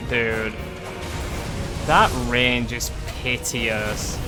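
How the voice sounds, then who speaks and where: A man's voice: mid-range voice, animated, measured pace, music in the background. A young man commentating on his own gameplay as a streamer, swearing and repeating himself in frustration. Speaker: gaming streamer.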